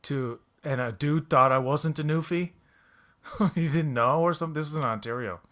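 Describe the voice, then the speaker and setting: Man, slightly high voice, swearing storyteller, casual podcast chat. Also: moderate pace. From Newfoundland, Canada. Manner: animated, profane storytelling with mimicked quotes. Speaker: podcast co-host.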